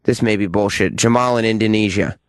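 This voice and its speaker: A man's voice: lowish voice, steady tone, a little fast, clean tone, no room sound. A man co-hosting a radio show, joking with callers in casual talk. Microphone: studio mic.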